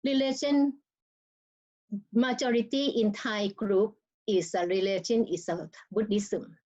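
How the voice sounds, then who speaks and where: A woman explains a language in an online talk, and her words come slowly and haltingly, with many fillers and restarts. Her voice sits at a middling pitch. The video call audio is dull and lo-fi. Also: mellow. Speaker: language presenter.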